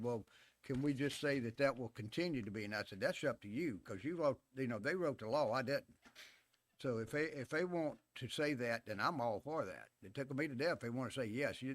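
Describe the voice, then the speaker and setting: A man's voice: mid-range voice, a bit bright. A man, an agency official explaining a decision to a commission in a plain, reassuring way. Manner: plain-spoken, reassuring, filler-heavy. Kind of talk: explanatory meeting remarks. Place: public meeting room.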